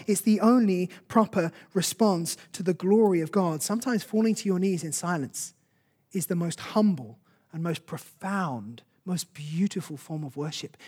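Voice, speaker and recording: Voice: mid-range voice, breathy edge. A preacher delivering a sermon in an earnest, conversational way, often repeating short phrases for emphasis.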